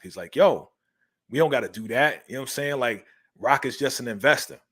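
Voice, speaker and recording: A man's voice: medium pitch, fast talker, sharp tone, breathy edge. Male recap host, casual and slangy, voices the characters' quotes in his retelling.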